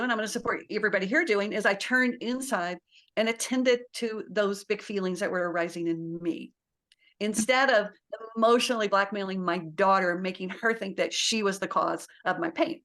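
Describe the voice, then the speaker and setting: A woman's voice: medium pitch, a bit bright. A middle-aged woman, a parenting guest, talking casually and laughing often as she acts out little quotes. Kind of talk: casual interview talk.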